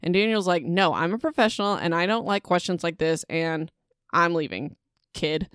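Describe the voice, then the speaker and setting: A woman's voice: lowish voice, lively intonation, normal speed, fairly bright tone, clear, resonant tone, no echo, studio quality. A young woman casually retelling a novel's plot as a podcast host, chatty and emotional, with lots of fillers and side comments. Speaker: podcast host recapping a book. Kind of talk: casual book recap chat.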